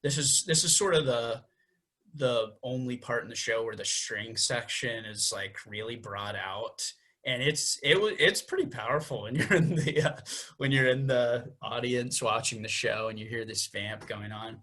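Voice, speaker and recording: A man's voice: mid-range voice, normal speed, bright, forceful tone. A young man co-hosting a podcast, explaining music theory step by step and counting beats aloud. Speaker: podcast co-host.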